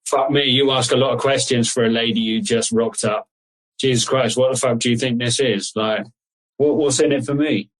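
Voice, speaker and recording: A man's voice: mid-range voice, fairly even intonation, moderate pace, close to an everyday voice, low-quality recording. A man doing a crude one-eyed alpha wolf with a West Country accent. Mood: irritated. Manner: swearing, brash, suspicious. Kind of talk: improvised tabletop role-play.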